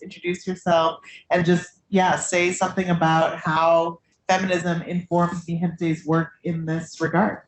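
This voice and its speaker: A woman moderating a panel discussion over a video call, talking quickly and animatedly. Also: lowish voice, slight background noise. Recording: roomy echo.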